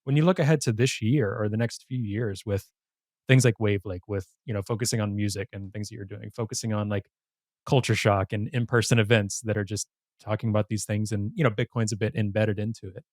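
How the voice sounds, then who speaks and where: A man with a slightly low voice hosts a podcast interview, chatty and excitable, laughing often as he talks. He is close to the mic in a dry space. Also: no echo. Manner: enthusiastic, giggly, quick to laugh. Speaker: podcast host. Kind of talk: casual interview chat.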